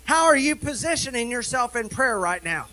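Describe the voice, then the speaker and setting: A high-pitched man delivers a sermon as a minister, lively and animated. He rattles off quick asides, then slows right down to read scripture with weighty emphasis. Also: rough recording. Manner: animated preaching, swings between quick asides and slow emphatic scripture reading.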